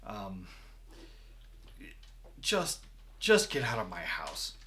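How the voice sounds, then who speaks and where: Give me a man playing a gruff, irritable evil knight wreathed in fire, with a sharp tone. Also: on the low side, huge pitch swings, very slow, a little hiss or hum, voice pushed down, full character voice. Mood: bitter. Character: massive fiery evil-looking male knight, irritable.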